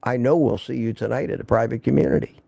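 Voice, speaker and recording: A man's voice: medium pitch, quick pace, gravelly, mellow, no room sound. An older man hosting a casual live stream, rambling and joking while recovering from an illness. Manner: joking, rambling, reads viewer comments aloud.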